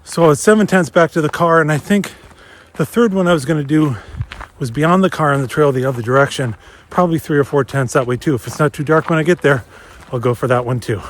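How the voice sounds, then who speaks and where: A man's voice: on the high side, quick pace, a little hiss or hum. Chatty man vlogging on a winter trail. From Minnesota. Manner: chatty, enthusiastic, addresses viewers directly. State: slightly out of breath while walking fast. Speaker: geocaching vlogger. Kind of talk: casual outdoor vlog narration.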